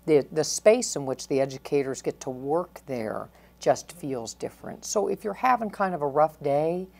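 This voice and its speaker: Very deep-voiced earnest woman. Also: expressive, gravelly, a little mellow. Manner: earnest, measured, with frequent restarts. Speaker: county probation chief. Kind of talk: interview answers.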